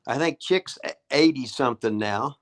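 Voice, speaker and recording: A man's voice: medium pitch, moderate pace. An older man, a retired wrestler hosting a show and telling rambling, folksy stories with swearing and laughs. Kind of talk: casual storytelling chat.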